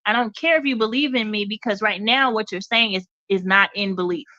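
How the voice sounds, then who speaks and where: A woman's voice: medium pitch, a little fast, sharp tone, no room sound, highs cut off. Direct woman talk show host. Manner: direct, emphatic, checks in with "okay?". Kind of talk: motivational talk.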